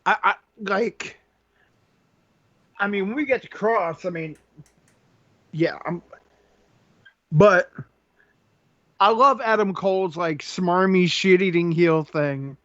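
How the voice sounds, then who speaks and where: A man co-hosting a casual wrestling talk show, excitable and loose, swearing casually. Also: high voice, slow, pauses often, dry recording, muffled recording. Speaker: podcast co-host.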